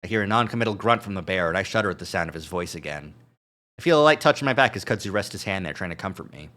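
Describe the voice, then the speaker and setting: A man's voice: low voice, lively intonation, fast talker, sharp tone. A male streamer reading a visual novel aloud on a live stream, adding joking asides. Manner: reads narration with asides and chuckles.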